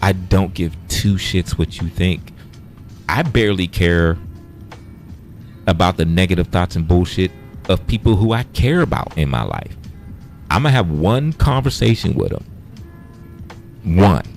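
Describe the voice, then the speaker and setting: A man's voice: deep voice, very animated, measured pace, vocal fry, long pauses, soft background music. A man hosting a casual livestream, bluntly retelling an argument with profanity and quoted back-and-forth. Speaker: livestream host.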